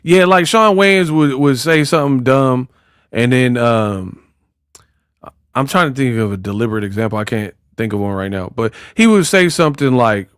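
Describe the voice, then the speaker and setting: A man's voice: medium pitch, expressive, normal speed, fairly bright tone, clean tone, dry recording, studio quality. A man in casual commentary who talks in a mocking, slangy way and acts out quotes. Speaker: boxing commentator.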